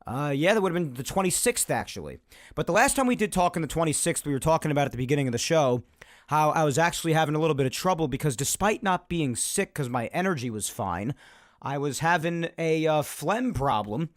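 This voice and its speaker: A man hosting a casual podcast, talking in a chatty, ranting way while raspy from phlegm. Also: fairly high pitch, fairly quick, no echo, studio quality. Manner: chatty, ranting, loud energetic openings. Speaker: podcast host. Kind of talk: casual solo podcast talk.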